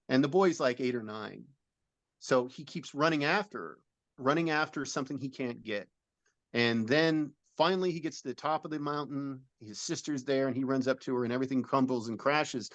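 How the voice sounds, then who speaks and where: A man's voice: medium pitch, moderate pace, no echo. Earnest middle-aged man telling a long story. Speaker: film director and producer. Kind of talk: interview, describing a film idea.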